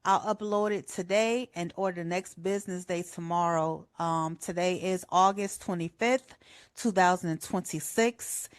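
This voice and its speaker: A woman's voice: lowish voice, fairly even intonation, unhurried, clean tone, no echo, clean studio sound. Heartfelt woman hosting radio. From Chicago. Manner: heartfelt, chatty, says "y'all" a lot. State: voice cracking with emotion. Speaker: radio show host. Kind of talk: personal tribute monologue.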